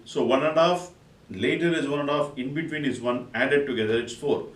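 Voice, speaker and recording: A man's voice: medium pitch, brisk, a little hiss or hum. Man teaching rhythm from across a roomy space. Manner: counts beats aloud and recites drum syllables in bursts. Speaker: music teacher. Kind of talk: spoken music lesson with counting and rhythm syllables. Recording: echoey room, voice from a distance.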